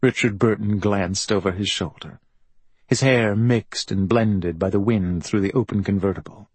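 A man reading an audiobook in a measured, even storytelling manner. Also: fairly low pitch, husky, no room sound. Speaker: audiobook narrator. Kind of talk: scripted audiobook narration.

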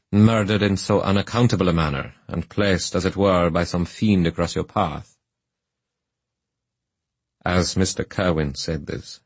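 A man's voice: sits low, husky, no echo. A man reading a classic novel aloud as solemn, earnest first-person narration. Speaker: audiobook narrator.

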